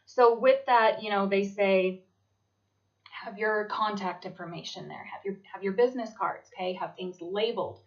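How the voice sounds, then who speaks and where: A woman's voice: mid-range voice, moderate pace. Chatty lady explaining selling rules, keeps saying okay?, kinda muffled lo-fi audio. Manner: chatty, repeats "okay?" to check in. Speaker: direct sales consultant. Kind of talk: instructional talk to sellers.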